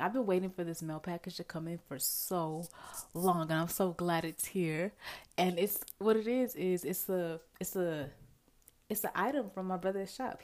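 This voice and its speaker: A young woman vlogger telling a casual storytime to her viewers, animated and chatty, talking to them directly and acting out her own thoughts. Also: lowish voice. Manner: dramatic asides and quoted self-talk. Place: indoors at home, near a window with rain outside.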